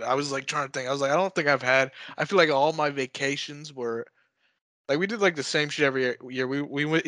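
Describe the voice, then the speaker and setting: A man's voice: mid-range voice, a bit bright, dry recording. A young man co-hosting a podcast, laid-back and blunt, swearing casually. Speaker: podcast co-host. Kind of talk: casual chat.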